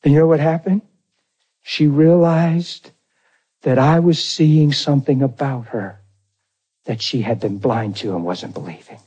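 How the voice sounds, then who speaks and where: A man preaching a personal testimony, acting out the dialogue, swinging from near shouts to hushed tones. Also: mid-range voice, a little slow, breathy edge, muffled recording. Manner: acts out dialogue in his story. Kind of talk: testimony sermon.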